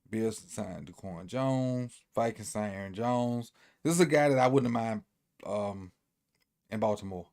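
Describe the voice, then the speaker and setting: A man's voice: on the low side, animated, a little slow, darkish tone. Easygoing man rambling through a sports recap. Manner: loose, rambling, repeats himself, thinks aloud. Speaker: sports commentator.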